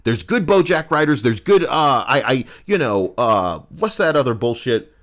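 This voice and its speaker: A man's voice: medium pitch, big pitch swings, normal speed, fairly bright tone. A man chatting casually on a game livestream, profane and rambling. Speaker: game streamer.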